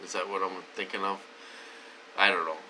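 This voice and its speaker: A man talking casually to his viewers in a rambling, repetitive way, swinging between loud emphatic stretches and low mutters. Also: little pitch movement, moderate pace, slight background noise, rough recording. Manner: rambling and repetitive, with many fillers. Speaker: vlogger.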